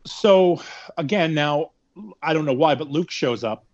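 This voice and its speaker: A man's voice: a little high, measured pace, a little mellow, lo-fi sound. Sarcastic man recapping a movie. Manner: rambling, sarcastic, swears freely. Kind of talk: casual movie recap chat.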